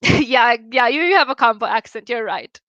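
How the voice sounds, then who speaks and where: A woman's voice: fairly high pitch, expressive, normal speed, a bit bright, no echo, muffled recording. A young woman from Romania with a Romanian accent, chatting casually with viewers on a stream, laughing often and swearing freely.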